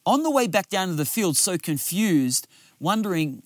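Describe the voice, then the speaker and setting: A man's voice: high-pitched, very animated, moderate pace, no room sound, studio quality. A man, a lead pastor giving a sermon outdoors by a lake, in an earnest, conversational storytelling way.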